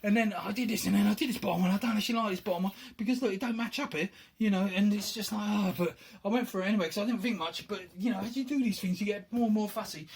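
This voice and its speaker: A man's voice: high-pitched, very fast, vocal fry, few pauses. A man rambling casually as he shows off a handmade box for a board game, thinking aloud and poking fun at himself. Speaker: hobbyist showing his handmade game box. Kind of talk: casual show-and-tell chat.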